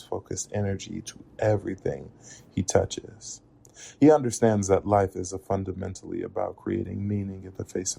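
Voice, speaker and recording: A man with a very deep, gravelly voice delivers a reflective spoken essay. His tone is dark and husky, and his pacing is measured and earnest. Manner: measured, earnest, with occasional laughs at slips. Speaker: narrator.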